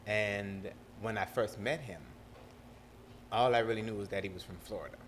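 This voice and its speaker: A man with a South Carolina Lowcountry accent, talking casually as a podcast guest and switching between proper and Southern speech. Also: steady tone, moderate pace, slight background noise.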